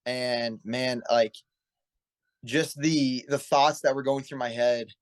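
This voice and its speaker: A man's voice: mid-range voice, steady tone, slow pace. A man in his twenties, a pro wrestler guest in a casual interview, telling his story in an earnest, rambling way and often correcting himself. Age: 20s.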